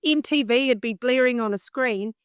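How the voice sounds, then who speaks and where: A woman with a New Zealand accent telling a story in a casual interview, lively and acting out her own past thoughts. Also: on the high side, normal speed, smooth, no echo, studio quality. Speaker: guest, singer and vocal coach.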